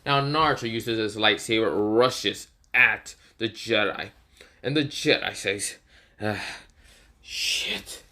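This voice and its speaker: A man's voice: on the low side, unhurried, pushed and bright. A man casually narrating an improvised fan story, rambling with many fillers and self-corrections.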